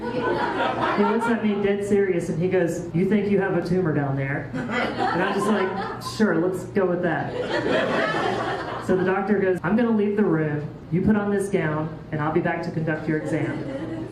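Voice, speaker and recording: A woman telling a funny anecdote in a dry, deadpan way. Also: fairly low pitch, normal speed, a loud crowd. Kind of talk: stand-up style anecdote. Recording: roomy, distant, noisy recording.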